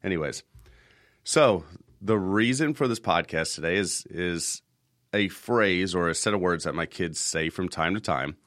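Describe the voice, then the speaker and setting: A man's voice: sits low, lively intonation, unhurried, fairly bright tone, no echo, studio quality. A man in his thirties hosting a casual podcast, telling rambling stories and repeating words as he goes. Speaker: podcast host.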